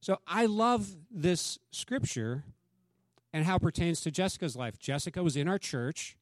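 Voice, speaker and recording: Pastor guy, fairly high voice, chatty sermon, dry close sound. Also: lively intonation, moderate pace, dry recording. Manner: conversational preaching, acts out quoted dialogue.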